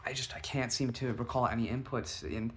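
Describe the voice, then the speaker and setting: A young man telling a rambling, anxious story about himself, swearing and loudly acting out his own lines. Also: medium pitch, level tone, brisk, slight background noise. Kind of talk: casual storytime monologue.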